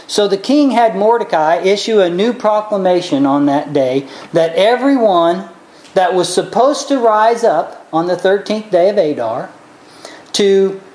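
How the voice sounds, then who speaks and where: Slow, animated woman preaching in an echoey room. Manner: animated, acts out characters with big pitch swings. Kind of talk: sermon storytelling.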